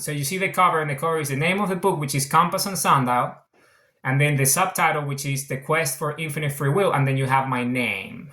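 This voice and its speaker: In a roomy-sounding space, a man from Venezuela, an author with a mixed international accent, casually explains his book. He's earnest, keeps repeating himself and circles back to his points, and his voice sits on the high side with a sharp tone.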